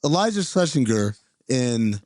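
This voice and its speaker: A man co-hosting a podcast in casual chat, excitable and prone to repeating himself. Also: medium pitch, unhurried, no echo, studio quality. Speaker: podcast co-host.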